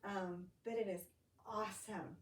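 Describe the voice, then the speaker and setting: Here a female ministry director, on as a guest, narrates in a mid-range voice at a measured pace, casually acting out others' words. The setting is a church studio or room, and the distant microphone picks up echo and a faint hiss.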